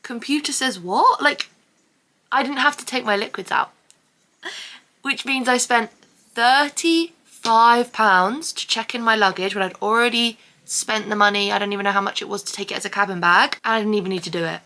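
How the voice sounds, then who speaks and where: A woman's voice: medium pitch, normal speed, vocal fry, sharp tone. A woman telling a travel story in a casual vlog, sarcastic and swearing a lot. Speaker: vlogger.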